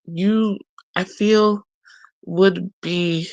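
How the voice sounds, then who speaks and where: A woman casually walking through a card deck, reading each card's message aloud and then musing about the picture, with frequent pauses and hesitations. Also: on the low side, fairly even intonation, darkish tone, no room sound, dull audio. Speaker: tarot and oracle deck reviewer. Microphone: close mic.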